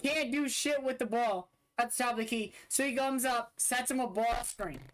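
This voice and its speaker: A man's voice: very high voice, moderate pace, a bit bright. A young man streamer giving blunt, dismissive, profane commentary while reacting to game footage. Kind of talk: casual livestream commentary.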